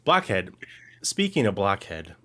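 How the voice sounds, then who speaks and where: A man co-hosting a live stream, chatting casually and excitedly, reading out viewer comments and rambling. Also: lowish voice, measured pace, a little hiss or hum. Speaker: co-host.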